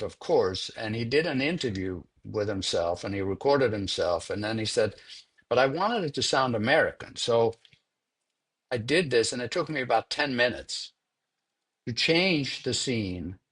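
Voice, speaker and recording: Husky older man telling a story. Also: medium pitch, lively intonation, a bit bright. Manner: unhurried, repeats words while thinking. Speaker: interviewed sound editor. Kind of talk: conversational interview storytelling.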